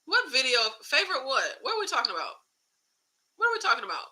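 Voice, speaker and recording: A woman hosts a casual livestream with a high, very bright voice. She talks in an animated way, swears freely and answers viewer comments. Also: fast talker, low-quality recording. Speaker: YouTube host.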